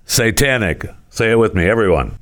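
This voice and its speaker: A man's voice: deep voice, lively intonation, takes it slowly. A man hosting a casual talk show, rambling through odd news stories with sarcastic asides and frequent chuckles. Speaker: podcast host.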